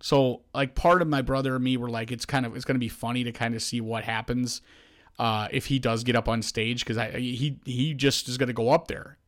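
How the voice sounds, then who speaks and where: A man tells a rambling story on a casual podcast. He is animated, jumping into higher voices to act out the people in his tale, with many restarts along the way. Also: fairly quick. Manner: animated, acts out quoted voices, frequent restarts. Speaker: podcast host.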